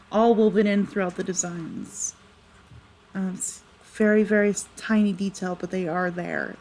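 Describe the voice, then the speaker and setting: A woman's voice: medium pitch, a little mellow, slight background noise, low-quality recording. A woman narrating as game master of a tabletop game, chatty and rambling with lots of fillers. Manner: chatty, rambling, with many fillers and self-corrections.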